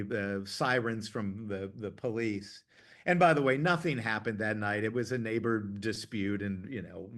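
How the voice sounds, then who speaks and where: A middle-aged man from Ohio, a TV producer, telling stories in a casual, chatty way, full of fillers and restarts, getting lively when he quotes others. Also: on the low side. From Ohio, USA. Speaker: TV producer interviewee. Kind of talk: casual anecdotal storytelling.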